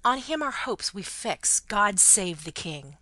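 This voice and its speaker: A woman reading the part of a brisk, fiercely loyal Englishwoman companion who speaks emphatically and bossily. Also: medium pitch, sing-song, bright, forceful tone, no echo, exaggerated voice. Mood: emphatic. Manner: emphatic and bossy.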